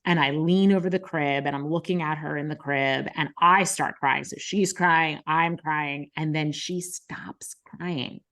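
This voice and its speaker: A woman's voice: low-pitched, fairly even intonation, unhurried, few pauses, fairly bright tone. A woman in her thirties, a podcast host, frankly telling a personal story in casual conversation, with many fillers. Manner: frank, many likes and ums, emotional retelling.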